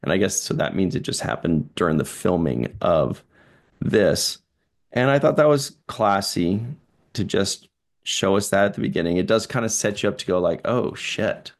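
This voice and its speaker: Low gravelly man, casual chat. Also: animated, moderate pace. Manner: laughs often, acts out lines in silly voices. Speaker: podcast co-host.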